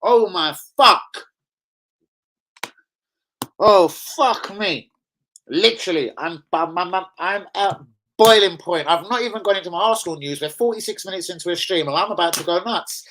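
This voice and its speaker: A man's voice: sits high, a little fast, a bit bright, a little hiss or hum. A man ranting angrily on a live stream as a football fan streamer, swearing heavily and getting worked up. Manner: angry, profane, heated.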